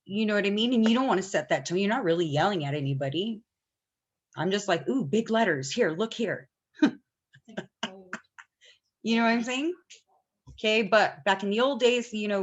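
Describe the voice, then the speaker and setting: A woman's voice: medium pitch, dull audio. A woman teaching an online class, talking casually and often checking that students follow. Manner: chatty, asks the class questions often.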